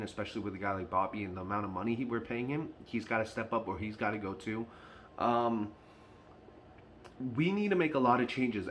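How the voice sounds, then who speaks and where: A man's voice: on the low side, a bit bright, a little hiss or hum. Man, fan vlogger, unscripted rant, frustrated, emphatic, repeats points.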